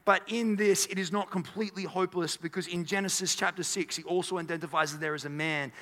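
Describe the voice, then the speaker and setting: Male pastor, sermon delivery, high bright voice, earnest and emphatic with stumbling restarts, in an echoing hall. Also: steady tone, fast. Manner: earnest, builds to emphatic peaks, stammers restarts. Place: church hall. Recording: long church hall reverb.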